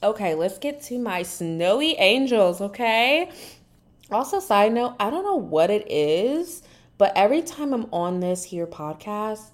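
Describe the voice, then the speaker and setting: Hosting a podcast solo, a woman casually and sassily recaps events, animatedly acting out other people's lines in exaggerated voices. Her mid-range voice is unhurried, and she has a dry mouth.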